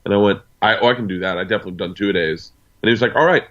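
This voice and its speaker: A man's voice: fairly low pitch, racing, few pauses, a bit bright, highs cut off. A middle-aged man from the United States, a comedian guest telling a long personal story and acting out the dialogue. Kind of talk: storytelling in casual interview.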